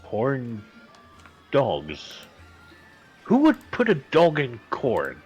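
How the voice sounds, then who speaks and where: A man playing a tabletop game, joking around in slow, unhurried speech. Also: medium pitch, wildly swooping pitch, breathy edge, muffled recording, soft background music. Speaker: player. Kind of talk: casual tabletop role-play.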